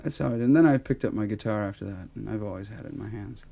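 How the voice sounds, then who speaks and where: A man's voice: on the low side, rapid-fire, gravelly, warm tone. A man from the United States recalling his early career in an old interview, candid and self-mocking. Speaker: interviewed singer. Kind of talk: archive interview reminiscence.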